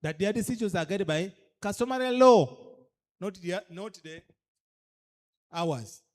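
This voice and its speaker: Speaking a little slowly in a slightly high voice, an animated Ugandan-accented man delivers a training lecture at a cultural leaders' orientation. He's emphatic, firing rhetorical questions at the audience one after another, and shifts easily between English and a local language.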